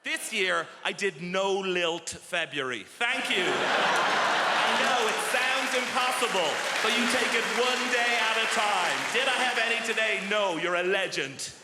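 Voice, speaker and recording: A man's voice: sits high, unhurried, very noisy. A male stand-up comedian performing a set on a theatre stage, animatedly acting out the voices of people in his stories. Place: large theatre stage with a laughing audience. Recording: echoey theatre hall with loud crowd.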